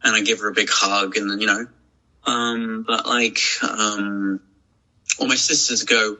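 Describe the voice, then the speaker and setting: A man's voice: fairly low pitch, level tone, a little slow, pushed and bright, rough recording. A man, a podcast guest talking casually and reflectively, with many restarts and fillers. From England. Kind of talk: casual chat.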